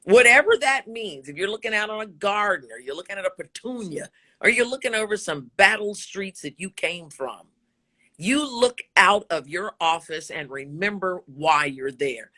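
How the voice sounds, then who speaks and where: Older lady in an interview, super animated pitch, bright punchy voice, cusses and preaches hustle. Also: normal speed. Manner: emphatic, motivational, swears freely. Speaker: guest, broadcaster and voice actor. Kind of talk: candid interview conversation.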